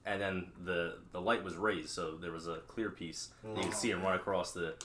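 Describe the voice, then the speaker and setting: A man's voice: deep voice, moderate pace. A man from New co-hosting a podcast, telling stories with a laugh. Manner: lively, laughing storyteller. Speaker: podcast co-host. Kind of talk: casual chat.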